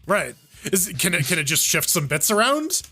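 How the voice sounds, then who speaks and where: A man co-hosting a gaming podcast, chatting quickly and joking at his own expense. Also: high-pitched, very animated, bright, forceful tone, husky, soft background music. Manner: quick, joking, self-mocking. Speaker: podcast co-host. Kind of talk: casual gaming podcast banter.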